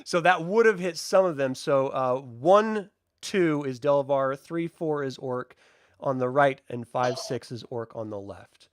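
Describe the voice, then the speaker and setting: A man's voice: mid-range voice, unhurried, smooth, no room sound. A man narrating a tabletop game as game master, casual and chatty.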